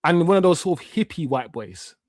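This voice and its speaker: Man, 50s, from Jamaica, stream host, heated slangy rant, swears, slightly high voice, dry close sound. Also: lively intonation, brisk, darkish tone, dry recording. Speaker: watch-along stream host. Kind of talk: casual live-stream rant.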